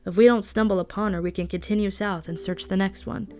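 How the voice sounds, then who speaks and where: A woman's voice: mid-range voice, fairly even intonation, fast, a little mellow, faint music behind, lightly acted. A woman voicing a bold young female fighter who speaks firmly and reassuringly. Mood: steady. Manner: firm, reassuring.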